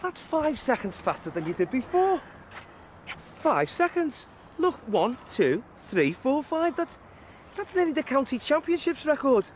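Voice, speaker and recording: A man's voice: extremely high pitch, big pitch swings, a little slow, slight background noise, exaggerated voice. An actor playing an enthusiastic, demanding running coach who praises and pushes his runner. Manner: eager, praising and pushing.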